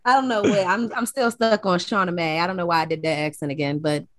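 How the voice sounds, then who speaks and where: A woman's voice: on the low side, fairly even intonation, fast talker, a bit bright, no room sound, studio quality. A woman co-hosting a podcast from Maryland, joking around in casual chat. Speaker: podcast co-host.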